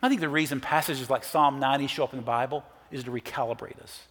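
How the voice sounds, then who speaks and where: Earnest middle-aged pastor in a reverberant church. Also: male voice, mid-range voice, fairly even intonation, fast talker, a bit bright. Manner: earnest storytelling with quoted voices. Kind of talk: sermon.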